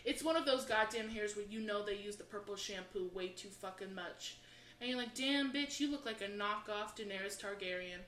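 A woman co-hosting a comedy podcast, telling stories in an animated, profane way and acting out the voices of people in them. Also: mid-range voice, moderate pace. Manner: animated, swears constantly, acts out voices. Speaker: podcast co-host. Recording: roomy echo with faint background hiss.

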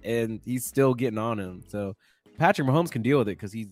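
A man hosting a laid-back podcast, chatting with his brother. His voice moves up and down a lot, with bursts of quick talk and frequent laughter. Soft music plays faintly in the background. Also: mid-range voice, animated. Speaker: podcast host. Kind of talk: casual chat.

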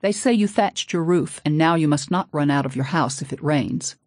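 A woman voicing a village man who translates, speaking quietly and evenly. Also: sits low, moderate pace, no room sound, clean studio sound. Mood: wry.

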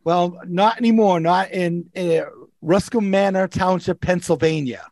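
A man's voice: high voice, unhurried, darkish tone, no room sound. A man, a co-host telling stories in casual chat, laughing and restarting often. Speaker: co-host, rideshare driver.

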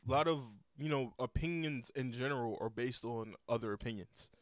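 A man's voice: mid-range voice, normal speed, dry recording, studio quality. A young man hosting a casual podcast, rambling with lots of repeated words and cursing freely. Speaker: podcast host.

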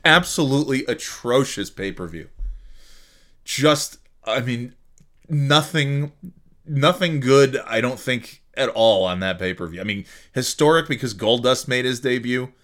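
A man hosting his own podcast from home, talking off the cuff at a middle pitch. He rambles and makes jokey, self-mocking asides in a casual solo chat. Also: lively intonation, unhurried, fairly bright tone. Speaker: podcast host.

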